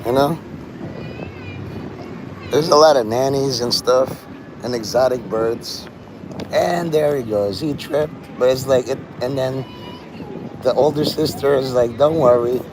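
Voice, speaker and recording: A man's voice: mid-range voice, a little slow, long pauses. A man rambling on a live stream from an open-air city plaza, joking, swearing and talking to the birds. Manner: loose, joking, swears casually, talks to birds and viewers. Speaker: livestream vlogger. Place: open-air plaza among tall city buildings, outdoors. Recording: outdoor phone audio with street noise. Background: city street ambience.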